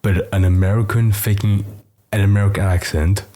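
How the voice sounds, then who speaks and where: A man's voice: fairly low pitch, moderate pace. A man hosting a casual reaction commentary, talking loosely and filling his speech with "like" and "you know". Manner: relaxed, loose, filler-heavy. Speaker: reaction host.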